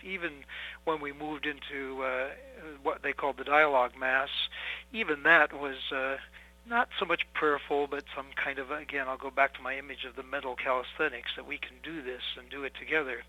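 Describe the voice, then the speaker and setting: Older male priest in his 70s, very bright, dry close sound, pauses often to pick his words. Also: medium pitch, no echo, poor audio. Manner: measured and thoughtful, with frequent hesitations and fillers. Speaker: priest, interview guest. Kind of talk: reflective interview answers.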